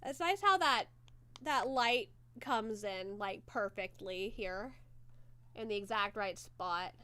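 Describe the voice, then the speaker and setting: Chatty woman streamer, bright voice, unhurried, laughs and swears a lot. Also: mid-range voice, dry recording. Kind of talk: casual watchalong commentary.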